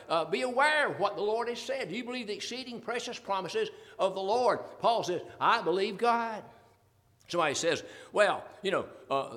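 A man delivering a sermon in a high voice, pressing his listeners with repeated rhetorical questions and the odd chuckle. His voice rings out with a long reverb, as in a large hall. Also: fairly bright tone. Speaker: preacher.

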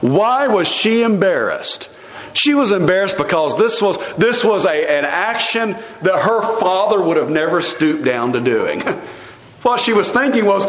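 A man's voice: high voice, lively intonation, normal speed. A man preaching a sermon, earnest and explanatory, asking rhetorical questions and often restarting his phrases. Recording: echoey room.

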